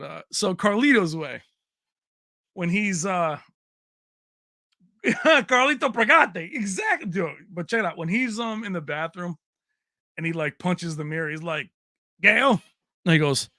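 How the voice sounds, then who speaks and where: A man chatting on his livestream with a lively, swooping delivery and a gravelly edge. His voice is bright and close, recorded dry. He rambles, laughs a lot and calls out to viewers by name. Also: high voice, no room sound. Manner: rambling and animated, laughs often, answers chat by name. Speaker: livestream host. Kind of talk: casual livestream chat.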